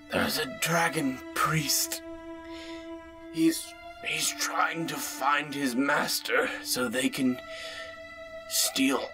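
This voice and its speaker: Shriveled glass-eyed old man, injured, urgent and breathy, as the game master puts him on. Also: mid-range voice.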